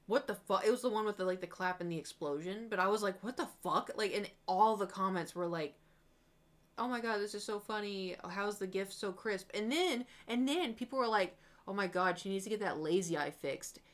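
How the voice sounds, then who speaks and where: Speaking a little fast in a mid-range voice, a young female streamer paints and chats casually. Her stories ramble, and she animatedly replays her own past reactions with exclaimed self-quotes.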